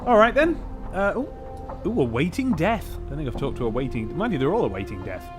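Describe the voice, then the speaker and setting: A man's voice: fairly high pitch, very animated, a little fast, music in the background. A man playing a role-playing game, reading its text aloud and thinking through his choices in a casual, musing way. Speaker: let's play host.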